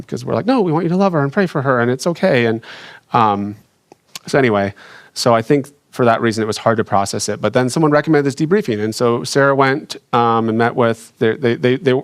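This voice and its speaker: A man's voice: medium pitch, no room sound, studio quality. Earnest man telling a personal story. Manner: halting, many restarts and fillers, earnest. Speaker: speaker sharing a personal story. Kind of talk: reflective personal testimony.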